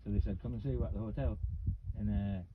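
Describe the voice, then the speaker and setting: Geordie man in his fifties, chatty storyteller, muffled outdoor recording with loud noise. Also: fairly low pitch, fast talker. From Newcastle, England. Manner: rambling, animated storyteller acting out quotes. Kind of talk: casual chat, storytelling.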